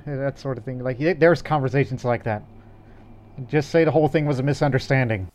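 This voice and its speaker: A man's voice: medium pitch, a little fast, a little mellow. A man co-hosting a casual gaming podcast, rambling in an easygoing way with frequent restarts. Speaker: podcast co-host.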